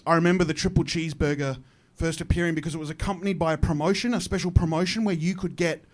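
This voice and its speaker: A man with an Australian accent performs stand-up on a club stage into a handheld mic. He tells rambling, self-mocking stories, slipping into other people's voices. His voice sits notably high for a man. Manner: self-deprecating storytelling, acting out voices. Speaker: stand-up comedian. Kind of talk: stand-up comedy set. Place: comedy club stage with live audience.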